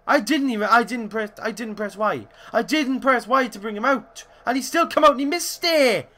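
A young man doing gameplay commentary, swearing constantly and swinging between frustrated shouts and low muttering. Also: normal speed. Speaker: gaming YouTuber.

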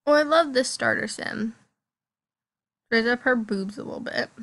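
A female gaming host chatting excitedly through casual gameplay commentary. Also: fairly high pitch, normal speed, creaky.

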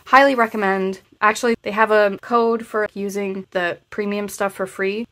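A woman with a blocked, stuffy nose talks in a chatty, easygoing way and often restarts her phrases. Her voice has a gravelly rasp. She reads passages aloud in the same relaxed tone. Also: medium pitch. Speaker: planner review vlogger. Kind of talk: casual review with read-aloud passages.

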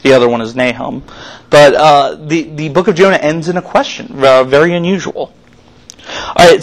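A man's voice: fairly high pitch, moderate pace, low-quality recording. A man giving a sermon as youth minister in a church, preaching in a casual, chatty way with plenty of fillers.

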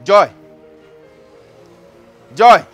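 A man's voice: extremely slow, fairly bright tone, soft background music. A man playing a cruel taunting husband. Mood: menacing. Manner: taunting, menacing, tag questions "eh?". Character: cruel, spiteful husband threatening his pregnant wife. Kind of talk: web skit drama acting.

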